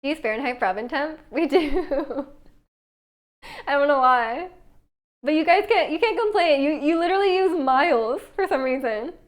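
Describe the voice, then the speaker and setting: A young woman with a high voice chats on a live stream from her home kitchen. She reads viewers' messages aloud and rambles easily between them, filling her sentences with "like". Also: animated, moderate pace. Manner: chatty, reads chat aloud, many "like" fillers. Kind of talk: casual live-stream chat while baking.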